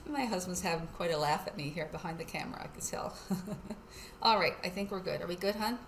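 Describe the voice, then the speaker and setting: A woman's voice: lowish voice, fast talker, creaky, few pauses, echoey room, a little hiss or hum. Chatty woman making a cooking video. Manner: chatty, laughs often, talks to husband behind camera. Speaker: wellness channel host. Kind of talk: casual cooking demo. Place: home kitchen.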